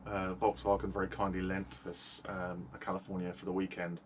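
Lowish, steady man on a motorhome tour. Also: a little fast, a little hiss or hum. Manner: steady, matter-of-fact, with hesitant fillers. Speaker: motorhome owner giving a tour. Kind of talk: casual video walkthrough. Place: inside a motorhome.

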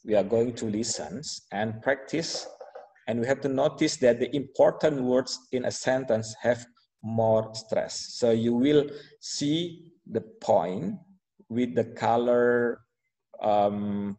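A man teaching an English lesson, explaining slowly with frequent fillers and restarts. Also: medium pitch, mellow, in a large hall, rough recording. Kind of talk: online classroom instruction.

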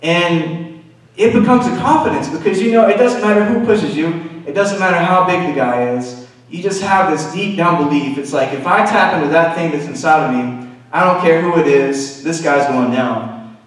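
A man's voice: fairly high pitch, moderate pace. Candid preacher man in an echoey hall. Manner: candid, confessional, frequent "you know" asides. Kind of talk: conversational sermon testimony. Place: church sanctuary. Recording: echoey hall, voice far from mic.

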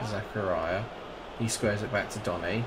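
A man's voice: on the low side, steady tone, moderate pace, a loud crowd. A man commentating over his own football video game, exasperated, sarcastic and self-mocking about how badly it goes. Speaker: gaming YouTuber. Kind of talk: live gameplay commentary. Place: at home, late at night.

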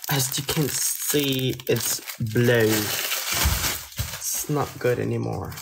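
Young man, slow and relaxed, phone livestream chat from his kitchen, answering comments. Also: medium pitch, vocal fry, heavy background noise. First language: Dutch. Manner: relaxed, reads viewer questions aloud and answers them. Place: home kitchen.

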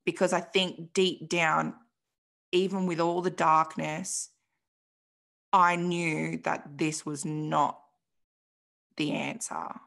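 A woman's voice: deep voice, flat delivery, slow, gravelly, long pauses, fairly bright tone. A young woman, a podcast guest telling her story frankly and emotionally, swearing and saying "like" a lot. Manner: emotional, frank, swears freely, says "like" often. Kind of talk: candid personal story in an interview.

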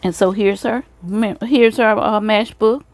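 A woman's voice: fairly high pitch, steady tone, measured pace. A woman hosting a casual craft video, showing swap items and praising them again and again. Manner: gushing, repeats praise often.

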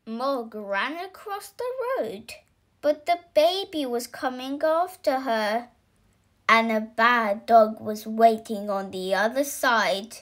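A woman reading a children's picture book aloud, slow and expressive, lifting into little voices for the characters. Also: fairly high pitch. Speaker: storybook reader.

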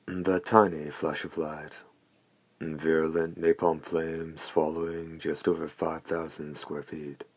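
A male audiobook narrator with a very deep, husky voice. He tells the story in a steady, even way, keeping the reading unhurried. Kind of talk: scripted narration.

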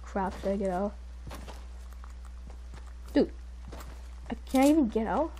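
A woman giving excitable live commentary while playing a video game, jumping between panicked outbursts and quiet muttering. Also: mid-range voice, slow, slight background noise. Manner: says "dude" and "frick" a lot. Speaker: gaming video creator.

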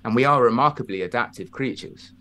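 A man hosts a relaxed conversation and tells parable-like stories at a mid pitch. He rambles and restarts often, but the talk stays reflective and steady. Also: fairly quick, a little hiss or hum. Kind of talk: casual chat, storytelling.

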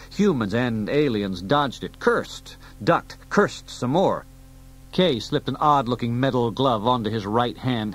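A man reading an audiobook aloud in a steady storytelling delivery. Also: mid-range voice, rough recording. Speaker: audiobook reader. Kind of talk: audiobook narration.

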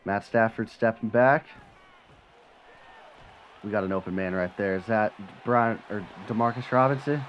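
A man giving live commentary on his own football video game, muttering one moment and shouting and swearing the next. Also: normal speed, long pauses, dull audio, slight background noise. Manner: swings from low mutter to excited yelling, swears when frustrated. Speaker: gaming channel host.

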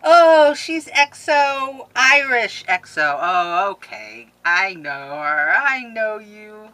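Gushing excitable woman. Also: on the high side, slow, dry recording, low-quality recording. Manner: gushing, excitable, laughs and gasps often. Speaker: crafting vlogger. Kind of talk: casual vlog, opening mail on camera.

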